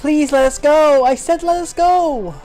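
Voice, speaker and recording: A man's voice: extremely high pitch, measured pace, darkish tone, soft background music, voice pushed up. A man voicing a frightened young girl who pleads and worries over a younger boy in a game. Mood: pleading. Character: frightened young girl calling for her brother.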